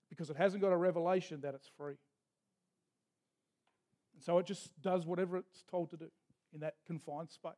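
A man's voice: high voice, a little mellow. A man preaching a sermon as pastor, telling stories in a folksy manner with asides. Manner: storytelling with folksy asides and restarts.

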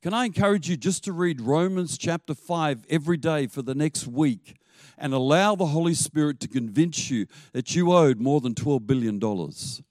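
A man preaching a sermon as pastor. He tells stories in an animated way and laughs now and then. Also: on the high side, dry recording.

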